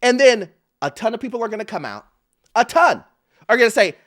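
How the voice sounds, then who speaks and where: A man's voice: very high-pitched, sing-song, a little fast, a bit bright. A man hosting a commentary show, reacting to clips with laughter and talking straight to his viewers. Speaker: host. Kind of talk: commentary on social media clips.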